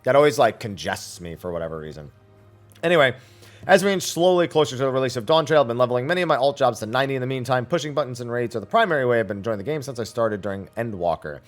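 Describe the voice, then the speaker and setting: A man streaming a casual Q&A, reading viewer questions aloud and answering them bluntly, his voice slightly raspy. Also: mid-range voice, lively intonation, very fast, faint music behind. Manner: reads chat questions aloud, then answers bluntly and at length. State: slightly raspy after eating. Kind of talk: casual livestream Q&A.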